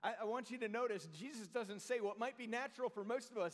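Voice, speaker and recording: An earnest male pastor with a fairly high voice preaches a sermon. He leans into key points by going soft and slow. His voice rings out with a long reverb, as in a large church hall.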